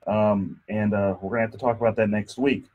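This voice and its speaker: A man's voice: on the low side, steady tone, a little fast, phone-quality sound. A man hosting a casual radio talk show from a studio, chatty and joking, often restarting his sentences. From Texas. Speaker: radio show host and insurance attorney.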